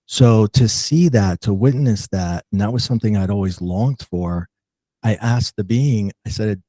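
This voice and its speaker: Man, earnest reflective storytelling, warm low tone, frequent ums. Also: unhurried, no echo. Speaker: podcast guest. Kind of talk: personal storytelling in an interview.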